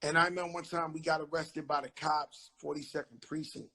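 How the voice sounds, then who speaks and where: A middle-aged man hosting an interview, telling animated stories full of street slang. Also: fairly high pitch, a little fast. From the Bronx, New York. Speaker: host. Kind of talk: casual interview chat.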